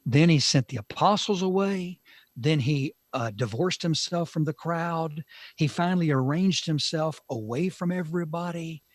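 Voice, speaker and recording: This Bible teacher on a talk show speaks in a fairly high voice, pacing himself slowly and stressing his words, with dramatic pauses and sudden changes in loudness. The audio is studio quality with no echo.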